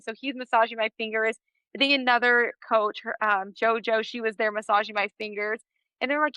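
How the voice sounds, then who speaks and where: A woman's voice: on the high side, level tone, normal speed, pushed and bright, smooth, dry recording, muffled recording. A woman in her thirties, a podcast guest, telling a story in a casual interview and laughing often.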